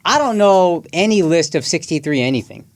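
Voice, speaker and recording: A man's voice: fairly high pitch, animated, a little fast. A man co-hosting a comedy podcast, talking in slangy casual banter. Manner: slangy, says son and dog. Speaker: podcast co-host.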